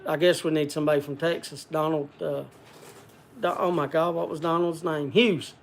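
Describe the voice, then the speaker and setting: Give me a rambling older man reading out viewer comments in a folksy, somewhat high-pitched voice. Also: fairly even intonation, normal speed, slight background noise. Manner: rambling, reads viewer comments aloud and answers them; folksy country way of talking. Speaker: livestream host. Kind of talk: casual livestream chat.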